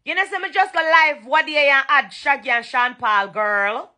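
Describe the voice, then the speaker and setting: A young woman with a Jamaican accent talks to her fans over a phone live stream from her bedroom at night. Her voice sits a little high and sounds bright and forceful. She stresses each point by saying it again and again and slips freely into patois. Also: normal speed. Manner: emphatic, repetitive, switches into patois. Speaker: dancehall singer thanking fans on a live stream. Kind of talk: casual live-stream chat.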